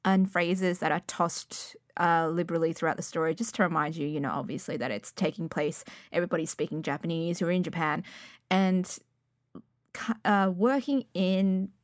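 A woman's voice: on the low side, no echo, studio quality. A young adult woman chatting casually about recording a podfic, rambling and self-deprecating with lots of fillers. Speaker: podfic reader. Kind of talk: casual chat.

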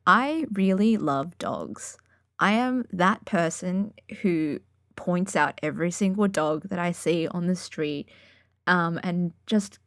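A woman's voice: lowish voice, no echo. Chatty, enthusiastic woman, dry close sound. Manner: chatty and enthusiastic, with fillers and giggles. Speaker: podfic reader. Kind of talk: casual reader's afterword chat.

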